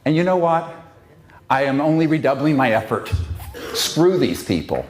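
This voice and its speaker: A man's voice: on the high side, sing-song, normal speed, slight background noise. A man giving an impassioned public talk, fiery and emphatic. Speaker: public speaker.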